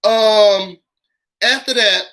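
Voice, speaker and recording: Sassy man with a bright voice. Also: sits high, very slow, rough recording. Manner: sassy, dramatic, slangy; repeats lines for emphasis. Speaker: reality TV recap host. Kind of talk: casual live recap commentary.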